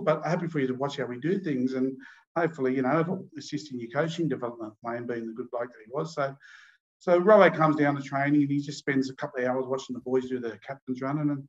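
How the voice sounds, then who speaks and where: A man's voice: medium pitch, highs cut off. Australian man telling a long joke. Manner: animated, acts out the characters' lines.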